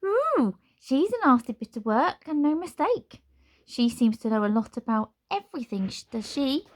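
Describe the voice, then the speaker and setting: A tiny living candle from a storybook: very high, squeaky, loud, gossipy prattler. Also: female voice, sing-song, normal speed. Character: flickering talking candle, chattering and excitable. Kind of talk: storybook reading.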